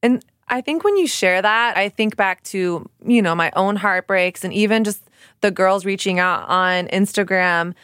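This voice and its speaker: A woman's voice: mid-range voice, moderate pace, a bit bright, smooth, no echo. A woman hosting a podcast interview in a studio, supportive and affirming. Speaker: podcast host. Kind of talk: interview conversation.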